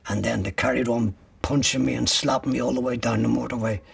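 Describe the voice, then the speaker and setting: An older man with a gravelly, husky voice, recounting his story bluntly and swearing freely. He sounds a little distant from the microphone, and his voice sits slightly higher than most men's. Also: fairly even intonation, quick pace, dry recording. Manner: blunt, profane, vivid storytelling. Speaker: interviewee. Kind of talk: recounting personal ordeal.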